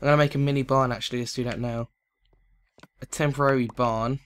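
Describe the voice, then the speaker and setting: A man giving excitable let's play commentary, chatting to the animals in the game. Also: mid-range voice, quick pace, a little hiss or hum.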